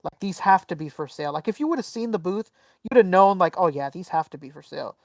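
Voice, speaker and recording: A man co-hosting a podcast, telling a story in casual, animated chat full of swearing and fillers. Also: high-pitched, fast, creaky, no echo, distant mic. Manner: animated, profane, lots of fillers. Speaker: podcast co-host.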